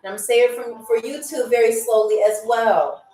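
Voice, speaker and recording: A woman hosting a live-streamed trivia game. She is chatty and playful, and she repeats foreign words slowly for her viewers. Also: on the high side, fairly even intonation, mellow. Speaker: game show host. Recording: echoey room, distant from mic, faint music.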